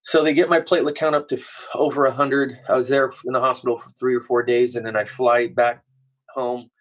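A man's voice: mid-range voice, a little fast, poor audio. A middle-aged man telling a story in a casual interview, swearing freely and acting out what people said. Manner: profane, animated storyteller acting out quotes. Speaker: guest musician.

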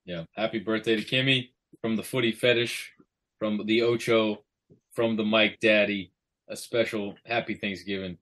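A man's voice: on the low side, steady tone, normal speed, a bit bright. Playful, teasing male podcast co-host. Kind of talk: casual chat.

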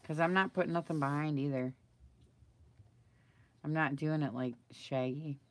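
Low-voiced rambling woman crafting on camera. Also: steady tone, normal speed. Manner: rambling, thinks aloud, asks viewers for advice. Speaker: craft video maker. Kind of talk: chatty live crafting video.

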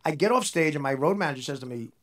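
A man telling profane, comic stories as a guest, talking in animated bursts that often break into shouting. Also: a little high, very fast. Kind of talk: profane comedic storytelling.

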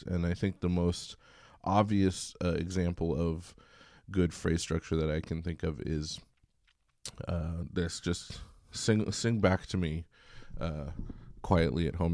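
A man giving a recorded college music lecture in a relaxed, chatty way, singing short examples. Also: deep voice, no echo, clean studio sound.

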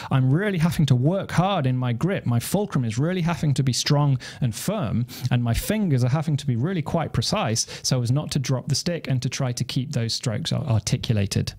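A man's voice: fairly high pitch, a little mellow, a little hiss or hum. Methodical male drum teacher. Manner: methodical, explains step by step, counts beats aloud. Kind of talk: instructional demonstration. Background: snare drum playing.

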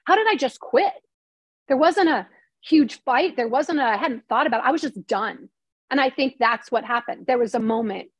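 Husky-voiced woman telling a personal story. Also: on the high side, normal speed, dry recording. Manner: candid and emotional, acts out quoted lines. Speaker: interview guest, former TV reporter. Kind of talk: personal storytelling in a casual interview.

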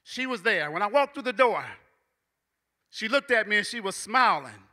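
A man preaching a sermon as a church elder, with a repetitive cadence that builds into shouting. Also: high-pitched, animated, moderate pace, long reverb tail. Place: church sanctuary.

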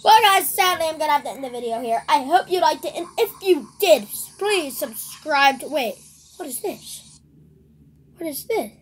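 A woman hosting a let's play video, rambling and excitable, shrieking whenever something surprises her in the game. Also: high voice, normal speed. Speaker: gaming video host.

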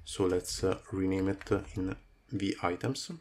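Guy walking thru code, lowish voice, lots of uhs, keyboard typing behind him. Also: steady tone, measured pace, darkish tone, slight background noise. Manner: talks through code with many fillers. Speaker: coding tutorial host. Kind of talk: screen-recorded coding tutorial.

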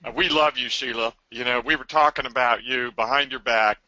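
Male webinar host, very forceful tone, dull dry web audio, says amen a lot. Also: medium pitch, steady tone, brisk, no room sound. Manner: warm affirming, frequent amens. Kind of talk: hosting a live webinar, reading comments.

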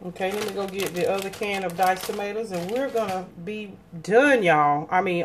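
A woman's voice: mid-range voice, moderate pace, few pauses, slight background noise. A woman, chatting casually with viewers in a folksy cooking and eating vlog from her home kitchen. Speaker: cooking vlogger.

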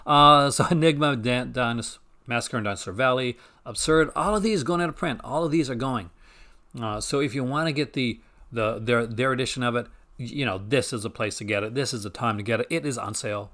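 A man's voice: medium pitch, a little fast, a bit bright. A man hosting a casual home stream, talking in a rambling, enthusiastic way with frequent restarts and self-corrections. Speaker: host. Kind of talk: casual chat.

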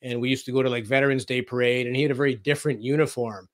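A man in the guest seat of a radio interview, chatting casually as he tells stories. He acts out what other people said, slipping in fillers as he goes. His voice sits at an ordinary middle pitch for a man. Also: fairly even intonation, very fast. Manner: anecdotal, acts out quoted dialogue, frequent fillers.

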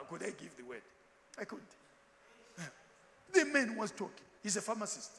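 A man preaching a sermon in a large church hall, lively and animated, acting out quotes and slipping into Ndebele asides. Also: high-pitched, measured pace, long pauses. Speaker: pastor.

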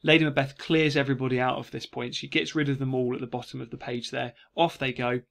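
Casting: male teacher, mid-pitched, relaxed and chatty revision talk. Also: quick pace, gravelly. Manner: chatty, lively reading of quoted lines. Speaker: English teacher. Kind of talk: casual revision lesson.

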